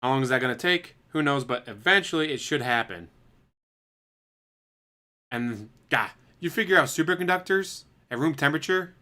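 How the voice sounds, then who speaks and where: A man's voice: a little high, expressive, normal speed, sharp tone. Man musing casually on a stream. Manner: speculative, musing, chuckling asides. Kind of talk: casual rambling chat.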